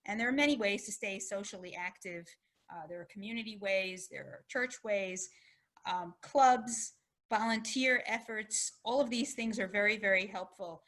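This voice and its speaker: This is a woman physician delivering a public lecture on health. Her voice is bright and forward. She explains in a friendly, conversational way, now and then slipping into a short personal story. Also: medium pitch, normal speed. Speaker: physician giving a health talk.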